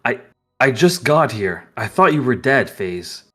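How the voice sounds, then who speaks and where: Flustered, stammering kid brother, as a game master voices him, with a lively pitch. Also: male voice, unhurried, husky, faint music behind, exaggerated voice. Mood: weary. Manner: stammering, embarrassed. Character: flustered, gloomy younger brother.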